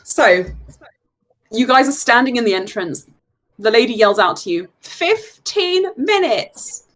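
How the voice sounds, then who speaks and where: A woman's voice: medium pitch, normal speed. A woman acting as game master of a tabletop game, narrating scenes with joking asides and frequent laughter. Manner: laughs often, jokey asides.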